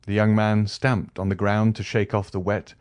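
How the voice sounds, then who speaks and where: A man narrating an audiobook of a classic novel in a measured, even storytelling manner. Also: fairly low pitch, clear, resonant tone, dry recording. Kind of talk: scripted narration.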